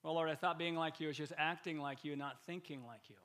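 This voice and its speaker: A man, a pastor, preaching a lively sermon with energetic bursts of loud emphasis and frequent repeated words. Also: fairly high pitch, fast.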